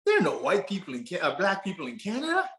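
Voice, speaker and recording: A man voicing a young Southern woman working a fast-food counter, with a put-on Southern drawl and incredulous questions. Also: sits high, huge pitch swings, fairly bright tone, voice pushed up, heavily acted. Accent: American Southern, put on. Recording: roomy hall sound.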